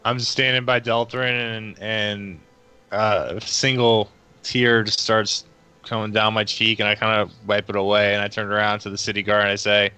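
A man's voice: on the low side, level tone, moderate pace, pushed and bright, clean tone, low-quality recording. A man playing a tabletop game, describing his character earnestly. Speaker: player.

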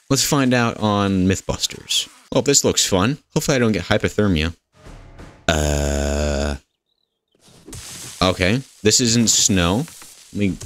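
A man's voice: on the low side, fairly bright tone. A man casually narrating his gameplay, joking, rambling and talking back to the characters in the game. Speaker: gaming host. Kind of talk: goofy gameplay commentary.

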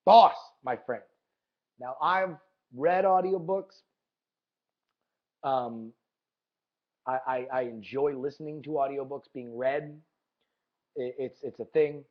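A man's voice: medium pitch, slow, long pauses. A man hosting a podcast in a casual monologue, enthusiastic and profane, often repeating his words. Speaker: podcast host. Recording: dull lo-fi recording.

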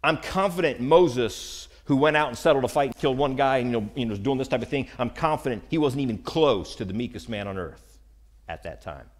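An American man delivering a sermon to a congregation. His pitch climbs and falls freely, and he breaks into short acted-out lines for the people in the scripture story. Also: fairly quick. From United States. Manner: animated, acts out Bible characters' lines. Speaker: preacher.

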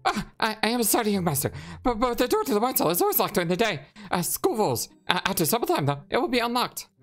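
A woman's voice: a little high, very animated, quick pace, voice pushed up. A woman doing a stammering, fawning servant. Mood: apologetic. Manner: apologetic, stammering, calls others young master. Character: stammering deferential school servant. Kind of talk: reading game dialogue aloud in character.

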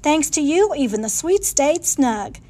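A woman's voice: very animated, a little slow. A woman voicing a frantic pioneer father who howls about his fruit trees in a storybook reading. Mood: cheerful. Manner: howling, high and loud.

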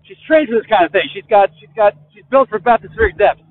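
A man's voice: sits high, animated, fast, no room sound. A man rambling in a profane, agitated way while riding a motorcycle, talking into a headset mic. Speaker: vlogger. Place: outdoors on a motorcycle in traffic. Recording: tinny phone-like headset audio with faint vehicle noise.

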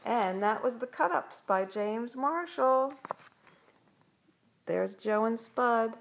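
Older grandma reading a kids' book, slow and husky, chatty asides. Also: female voice, on the high side, expressive. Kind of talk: children's story read-aloud.

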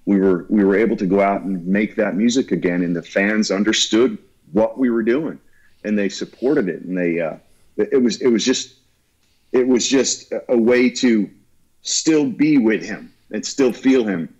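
Guy talking slow and heartfelt, husky, kinda muffled audio. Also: on the low side, a little mellow. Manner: earnest, halting, emotional. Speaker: guest musician. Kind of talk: heartfelt interview talk.

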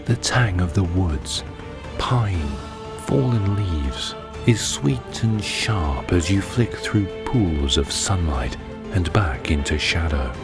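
A man doing his deep voiceover voice, calmly narrating an immersive second-person scene over a loud music bed. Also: slow, few pauses, full character voice. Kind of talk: deep voiceover narration of a guided running audio.

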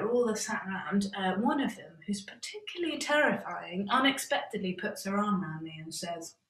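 Woman, stand-up storyteller, deadpan and wry, crisp bright tone, roomy echo. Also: medium pitch. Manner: wry, deadpan storytelling with sighs and mock panic. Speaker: stand-up comedian. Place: stage in a cabaret venue. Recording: echoey room, mic at a distance.

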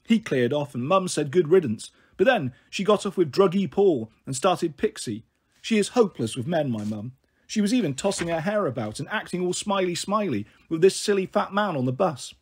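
Husky high-voiced male storyteller. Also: animated, normal speed. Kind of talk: storybook reading.

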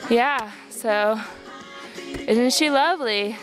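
A woman's voice: fairly high pitch, takes it slowly, music in the background. A woman doing a joking announcer bit for the camera in a put-on, wobbly accent, outdoors. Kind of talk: mock presenter bit for the camera.

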